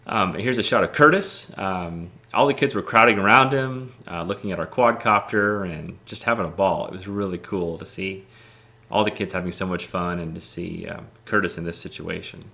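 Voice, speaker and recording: A man's voice: deep voice, normal speed, creaky, bright, forceful tone. A man casually talking through his travel photos, rambling and enthusiastic with lots of ums. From United States. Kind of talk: casual talk over photos.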